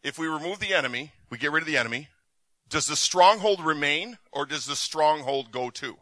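Male pastor, bright slightly high voice, chatty delivery with restarts. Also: lively intonation, fairly quick, no room sound. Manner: conversational, with repeated restarts and acted quotes. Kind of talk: sermon with Q and A. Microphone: recorded for the session.

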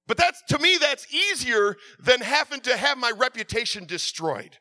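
High, bright male preacher, impassioned sermon delivery, stammers, swings from hushed to shouting. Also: lively intonation, moderate pace, hardly any pauses, no room sound, clean studio sound.

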